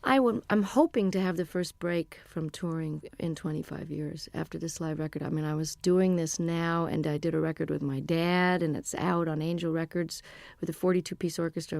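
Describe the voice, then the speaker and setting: A woman's voice: fairly low pitch, gravelly, a little mellow, no room sound. A woman in her forties, a musician guest talking candidly and chattily in a radio interview. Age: 40s. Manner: chatty, candid and self-deprecating.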